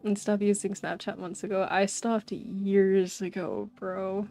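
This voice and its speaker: A woman's voice: mid-range voice, level tone, a little slow, warm tone, soft background music. A young woman streaming, chatting casually and animatedly with her viewers and often saying "bro". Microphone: desk mic.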